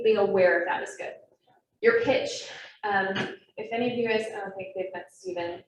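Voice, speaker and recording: Speaking at medium pitch, a young naturalist trainer talks fast and chattily with a self-aware edge as she presents to trainees. The meeting room holds both live and online attendees, and the far-off mic picks up roomy echo, faint noise and a hum.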